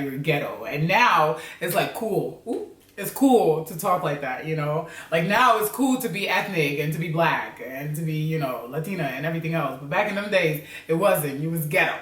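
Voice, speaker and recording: A woman from Africa with an American accent, telling a story in a casual, slangy, animated way and laughing often. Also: low-pitched, fairly quick. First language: Criollo. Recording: roomy, mic at a distance.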